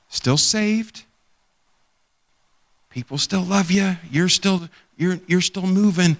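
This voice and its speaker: A man's voice: high voice, slow pace, fairly bright tone. A man preaching a sermon, rambling and conversational, acting out the people in his stories. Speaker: pastor. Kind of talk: sermon with storytelling. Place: church sanctuary. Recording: long hall reverb.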